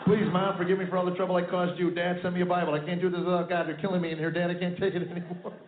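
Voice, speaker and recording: A man's voice: high-pitched, little pitch movement, rapid-fire, natural voice. A man reading out a pleading, self-pitying letter from a teenage boy at boot camp. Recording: echoey, tinny phone-like live recording.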